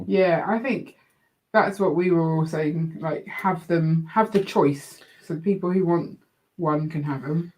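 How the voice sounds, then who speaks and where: A woman's voice: low-pitched, measured pace, a little mellow, poor audio. A woman co-hosting a livestream, chatting and thinking aloud as she builds. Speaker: co-host. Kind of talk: casual chat while building. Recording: noticeable background noise, home livestream.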